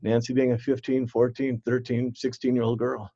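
A man's voice: mid-range voice, flat delivery, moderate pace, dark tone, no room sound. A man in an interview, recounting his outreach work earnestly, often repeating words and acting out the voices he quotes. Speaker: interview guest, former youth outreach worker. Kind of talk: candid interview storytelling. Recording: slightly dull, dry sound.

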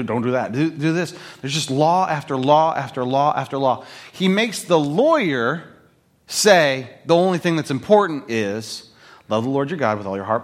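Middle-aged male pastor, slightly high voice, relaxed storytelling sermon delivery. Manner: conversational, storytelling, acts out quoted voices.

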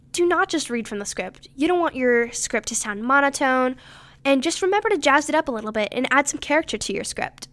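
A teenage girl with a fairly high voice talks through pageant advice in a scripted, upbeat way. She is instructive and leans hard on her dos and don'ts. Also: fairly bright tone. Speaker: pageant contestant giving tips.

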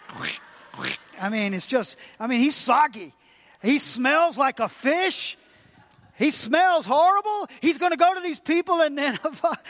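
A man's voice: very high-pitched, fairly bright tone, long reverb tail. A man preaching a sermon as pastor, emphatic and repetitive, sometimes dropping to a near-whisper. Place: large church.

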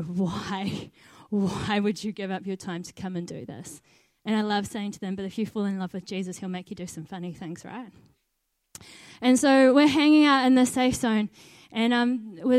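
A woman's voice: mid-range voice, a little mellow, clean tone, no room sound. Earnest woman telling a story, dry close sound. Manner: earnest storytelling, laughing at herself. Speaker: volunteer team leader. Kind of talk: personal testimony.

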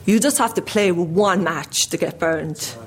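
A woman's voice: fairly low pitch, measured pace, a little hiss or hum. Irish woman telling her testimony at church, earnest, chatty, bit shaky. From Ireland. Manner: earnest, conversational, with many restarts. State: voice shaky with emotion. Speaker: church member giving testimony.

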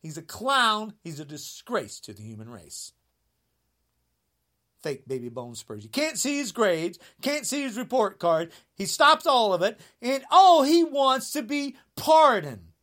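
A man in his sixties delivering an angry rant to camera, indignant and sarcastic, swinging between shouted jabs and low muttering. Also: sing-song, measured pace. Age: 60s. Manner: mocking sarcasm. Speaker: vlogger.

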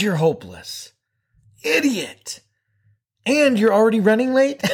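A man voicing a contemptuous inner critic who berates himself slowly and bitingly. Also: sits high, husky, pitched above the performer's own voice, heavily acted. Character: harsh scolding inner critic, male, contemptuous.

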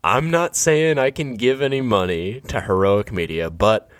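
Pushy know-it-all sales guy in his fifties, as a storyteller puts him on, brusque, low, dry sound, keeps talking. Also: moderate pace, no echo, natural voice. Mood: flustered apologetic. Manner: brusque and talkative. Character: blunt, opinionated middle-aged male salesman.

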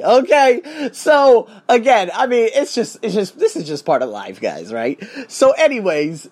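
A man venting to his audience in a casual, foul-mouthed monologue, his pitch climbing and plunging all over the place. He flips from loud, heated outbursts to quiet, muttered asides, like a teacher who has had enough. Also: big pitch swings, a little slow, few pauses. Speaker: English teacher and podcaster. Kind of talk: casual ranting monologue to viewers.

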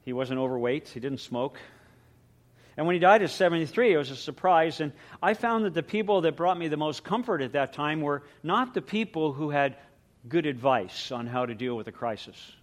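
A middle-aged man, a pastor, preaching a sermon and praying in an earnest, measured way. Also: fairly high pitch, expressive. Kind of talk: sermon with prayer.

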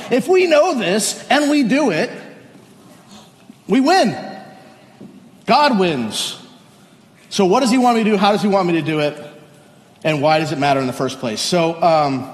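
In a church sanctuary, a male pastor with a high voice delivers a sermon, chatting casually with the congregation and reading scripture slowly and solemnly. The hall is echoey, with a long reverb.

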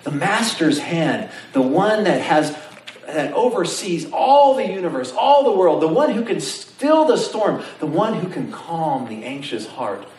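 A man preaching a sermon, telling the story with animated energy and asking his congregation questions. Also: a little high, a little hiss or hum. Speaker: pastor. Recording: roomy sound from some distance, faint ambience.

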